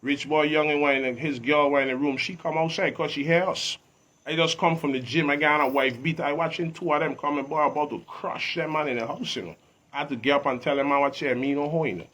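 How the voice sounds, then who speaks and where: A man's voice: a little high, steady tone, a little fast, a bit bright. Emphatic man with street swagger. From Virgin Islands. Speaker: guest artist. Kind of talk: casual interview chat.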